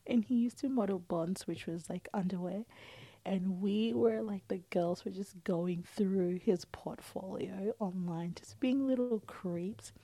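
Aussie woman chatting soft, husky, mellow tone, dry. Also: medium pitch, measured pace, dry recording, poor audio. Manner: soft, often near a whisper. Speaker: podcast co-host. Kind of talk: casual chat.

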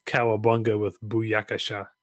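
A man's voice: on the low side, little pitch movement, moderate pace, dry recording, highs cut off. A man in his thirties co-hosting a casual podcast chat, joking and rambling with many restarts. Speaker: podcast co-host.

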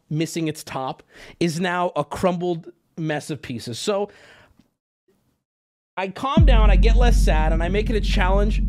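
A male streamer talks straight to his chat in a loose, rambling way, swearing freely and mocking himself as he goes. His pitch swings widely, dropping low and jumping high. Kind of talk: casual storytelling to chat.

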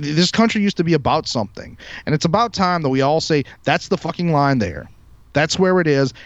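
A man's voice: a little high, no room sound. A man hosting a podcast who delivers a heated, profane, emphatic rant. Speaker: podcast host. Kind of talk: ranting podcast monologue. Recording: dull lo-fi, dry sound.

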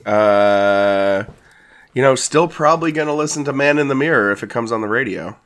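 A man's voice: mid-range voice, normal speed, a bit bright. A man co-hosting a casual podcast, making wry remarks and restarting his sentences. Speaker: podcast co-host.

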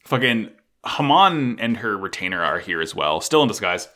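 A man's voice: fairly low pitch, sing-song, normal speed, bright, forceful tone. A man co-hosting a casual podcast chat about an anime episode, sarcastic and full of profanity. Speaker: podcast co-host.

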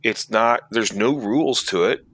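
Low-voiced man in casual podcast chat. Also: a little slow, fairly bright tone, dry recording. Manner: rambling, restarts, quotes imagined players. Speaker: podcast co-host.

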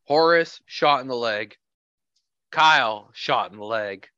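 A man's voice: mid-range voice, slow pace, pushed and bright, smooth, no room sound, dull audio. A man playing a tabletop role-playing game, chatting in an offhand, joking way. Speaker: player. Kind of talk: casual chat at a game table.

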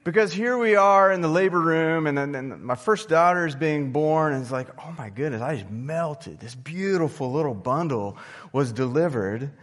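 A young adult man preaching a sermon as pastor, telling stories with animated bursts of excitement. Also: on the high side, normal speed. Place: church sanctuary. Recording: long reverb of a church hall.

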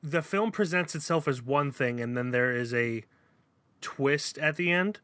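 Male podcast co-host, bright forward tone, dry close sound, chatty critic. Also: mid-range voice, a little slow, no echo. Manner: talkative, opinionated film reviewing. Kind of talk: casual chat.

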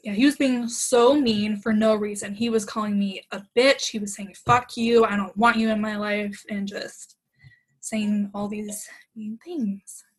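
A woman's voice: medium pitch, flat delivery, unhurried, poor audio. A young woman, a podcast guest, retelling a bad date in casual chat, acting out quoted lines and laughing often.

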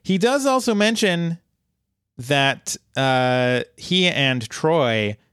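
A man co-hosting a casual podcast, recapping a TV episode in a chatty, halting way with many restarts. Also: fairly high pitch, expressive, fairly bright tone, smooth, no room sound, studio quality. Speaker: podcast co-host.

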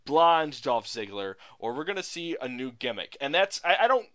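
A man's voice: mid-range voice, big pitch swings, normal speed, fairly bright tone. A man co-hosting a casual podcast, ranting with plenty of profanity. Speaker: podcast co-host. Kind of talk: casual chat. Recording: dull lo-fi podcast audio.

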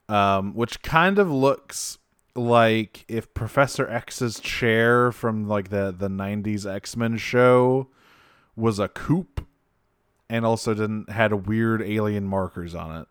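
A man's voice: fairly low pitch, clean tone, dry recording, studio quality. A man co-hosting a podcast, recapping an episode in casual chat, swearing freely and laughing often. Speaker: podcast co-host.

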